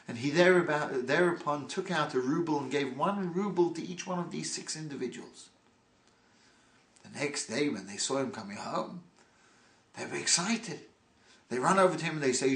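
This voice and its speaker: A man's voice: mid-range voice, fairly bright tone. Emphatic man preaching in an echoey room. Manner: slow, emphatic preaching with dramatic pauses. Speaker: rabbi. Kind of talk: sermon.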